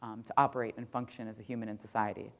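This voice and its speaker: Very low-voiced woman telling a casual story. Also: steady tone, very fast, gravelly. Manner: casual, profane, full of "like" fillers. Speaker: keynote speaker. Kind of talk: conference keynote storytelling. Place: conference stage.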